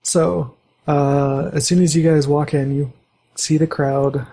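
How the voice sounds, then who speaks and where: A man narrating as game master of a tabletop role-playing game, with a halting delivery full of fillers. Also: fairly high pitch, steady tone, vocal fry, warm tone, breathy edge, low-quality recording. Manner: halting, many fillers, voices NPCs lightly.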